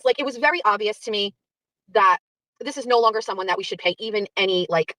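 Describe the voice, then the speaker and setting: Bright-voiced, chatty woman recounting a dispute. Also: mid-range voice, fast, dry recording, rough recording. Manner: chatty, rambling, many fillers. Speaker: streamer recounting an argument. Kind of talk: casual commentary.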